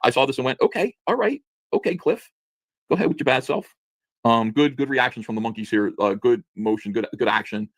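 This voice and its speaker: Man, comic reviewer, fast-paced, sarcastic, dry close sound. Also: mid-range voice, steady tone, a bit bright, no room sound. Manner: sarcastic, indignant, rapid-fire. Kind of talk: video review commentary.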